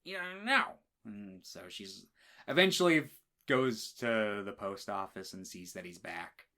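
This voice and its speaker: Man, podcast co-host, lively pitch, loose swearing film chat, acts out scenes. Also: unhurried. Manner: animated, swearing, retells scenes in quoted voices. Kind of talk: casual film discussion.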